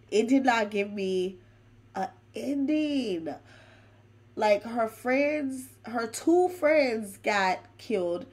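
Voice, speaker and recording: Lady reacting to a horror short, talks back at the screen, excitable, chatty. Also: medium pitch, low-quality recording. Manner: chatty, uses homespun comparisons. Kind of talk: casual reaction commentary.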